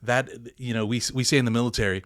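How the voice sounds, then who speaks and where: A man's voice: medium pitch, fairly even intonation, fast talker, a bit bright, no echo, clean studio sound. A man, a pastor and military veteran, telling his story in a candid podcast interview with earnest emphasis.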